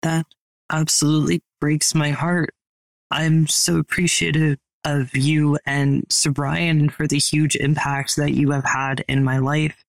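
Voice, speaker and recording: Gravelly, even-toned man interviewing. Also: a little high, dry recording. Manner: measured, carefully worded questions. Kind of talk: supportive interview questions.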